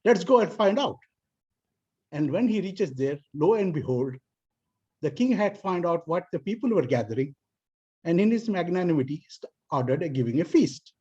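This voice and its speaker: A man from South Asia giving a formal speech to a club as area director, weaving in an animated story. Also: moderate pace, husky. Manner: animated storyteller, voices characters in higher pitch. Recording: dull lo-fi video call audio.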